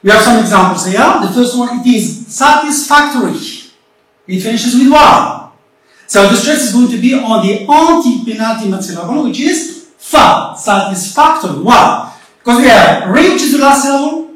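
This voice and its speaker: Echoey, distant woman teaching English. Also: on the high side. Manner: slow, deliberate explaining with frequent repetition. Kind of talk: recorded remote classroom lesson. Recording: very echoey room, voice far from the mic.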